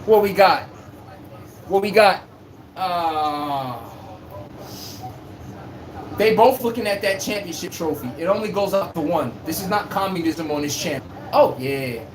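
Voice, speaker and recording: A man hosting a casual sports live stream, reading chat and trash-talking in a brash, playful way, recorded on a phone. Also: sits high. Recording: echoey room with faint hum.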